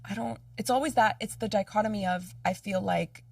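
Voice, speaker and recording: A woman's voice: medium pitch, a little fast, creaky, a little mellow, breathy edge, no room sound, distant mic. A woman podcast host in casual chat, open and affirming, speaking about her own dating life. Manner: open, affirming, short agreeing replies.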